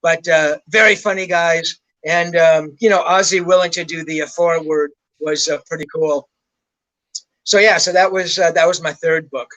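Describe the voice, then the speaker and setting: An older man with a high-pitched voice tells stories as a guest on a show. He rambles, swears casually and chuckles at his own tales. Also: fairly even intonation, moderate pace, a bit bright, rough recording. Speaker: rock journalist guest. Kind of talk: casual anecdotal storytelling.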